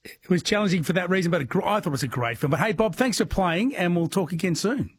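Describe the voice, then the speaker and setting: A man's voice: high-pitched, animated, quick pace, husky, dry recording. A man hosting an overnight radio quiz, chatting with callers and laughing often. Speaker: radio host. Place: radio studio.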